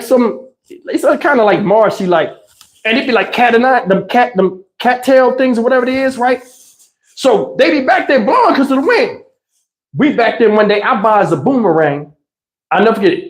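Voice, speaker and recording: A man hosting a livestream, telling a childhood story in casual slangy talk and acting out the voices, on a lapel mic. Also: high-pitched. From New Jersey. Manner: animated, slangy, acts out voices. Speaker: host. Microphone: wireless lapel.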